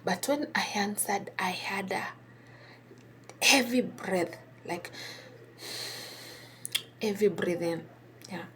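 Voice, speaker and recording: A woman whispering a personal story, halting and hesitant with many pauses and restarts. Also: mid-range voice, a bit bright, slight background noise.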